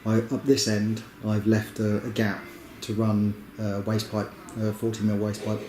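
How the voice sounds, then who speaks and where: A man casually narrating his own bathroom building work, plain and practical, with many pauses and fillers. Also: fairly low pitch, completely flat delivery, dark tone. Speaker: woodworking vlogger. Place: house under renovation, indoors. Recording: echoey room with noise.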